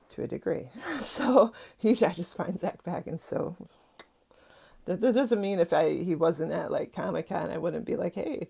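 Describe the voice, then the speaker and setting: A middle-aged woman talking casually to camera in a low, gravelly voice. She rambles along with fillers and asides, and her tone is dark and slightly husky. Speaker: psychic and spiritual teacher.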